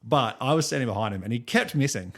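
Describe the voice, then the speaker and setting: A man's voice: mid-range voice, expressive, quick pace, fairly bright tone. An Australian man co-hosting a music podcast, chatting casually and telling rambling stories with many fillers and laughs. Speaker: podcast co-host. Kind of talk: casual chat.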